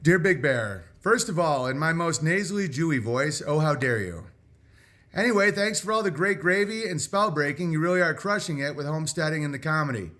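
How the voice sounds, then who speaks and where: A man talking on a livestream, rambling and halting as he reads out viewer letters. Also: a little high, sharp tone. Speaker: streamer reading viewer letters. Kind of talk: livestream monologue.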